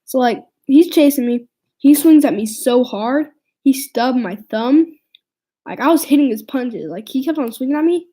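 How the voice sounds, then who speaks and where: A woman's voice: sits high, expressive, normal speed, dark tone, slightly rough, low-quality recording. A teenage girl telling a storytime vlog, rambling along with lots of "like" fillers and restarts. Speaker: vlogger.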